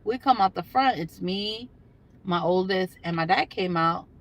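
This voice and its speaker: A woman's voice: mid-range voice, unhurried, highs cut off. Woman, older, livestream host, chatty, rambling, lots of fillers, phone mic, inside a car. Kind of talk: casual live chat with viewers. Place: in a parked car.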